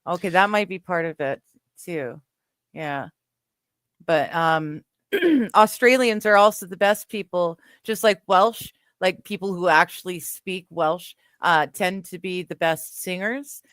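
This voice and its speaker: A woman's voice: lowish voice, measured pace, fairly bright tone, no room sound. A woman hosting a casual live stream chat, reading chat messages aloud and laughing easily. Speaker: stream host.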